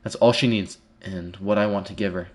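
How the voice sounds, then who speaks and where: A male streamer commenting live on a game and reading its text aloud. He swings from hushed, fearful muttering to loud startled outbursts and repeats short phrases again and again. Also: low voice, fairly even intonation, brisk.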